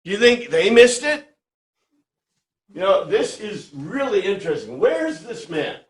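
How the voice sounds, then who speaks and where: A man teaching an informal Bible study class, talking in a conversational, animated way and often checking in with "right?". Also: sits high, unhurried, roomy sound.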